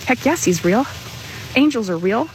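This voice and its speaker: A woman earnestly telling a personal story with animated emphasis. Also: a little high, moderate pace, slight background noise, low-quality recording. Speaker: caller sharing a personal story. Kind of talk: emotional personal testimony.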